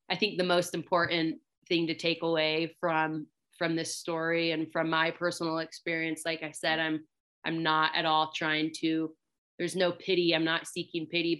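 Bright-voiced woman telling her own story. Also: fairly low pitch. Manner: chatty, many "like" fillers, acts out quotes with a raised voice. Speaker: hunting guide sharing her story. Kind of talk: personal storytelling.

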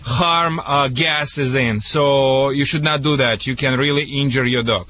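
A man's voice: mid-range voice, unhurried, pushed and bright. A man with a Russian accent, a dog trainer giving advice to callers on a radio show, joking and chuckling in broken English. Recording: dull lo-fi radio sound.

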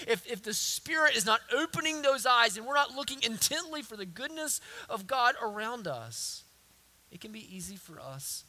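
A man's voice: very high voice, sharp tone. A man with a Southern accent preaching an earnest sermon, building to emphatic repetition. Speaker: pastor.

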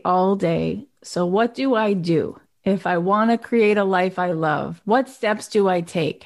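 A woman's voice: mid-range voice, a little mellow. A woman hosting an interview, asking questions on behalf of her audience and responding with enthusiastic affirmation. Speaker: host. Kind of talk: conversational interview.

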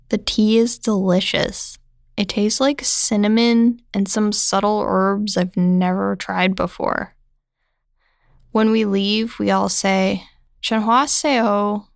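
A young woman narrating a scripted first-person story in a slow, reflective way. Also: mid-range voice, gravelly, dry recording, studio quality.

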